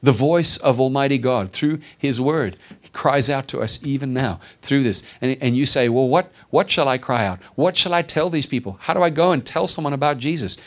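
A male pastor preaching a sermon to his congregation, building with repeated emphatic phrases and dropping to quiet stresses. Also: medium pitch, moderate pace. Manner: preaching with rising emphatic repetition.

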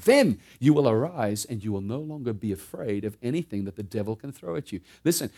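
A middle-aged man delivers a sermon built around a personal story. His delivery swings from loud, emphatic preaching to quiet, hushed narration, with laughter between lines.

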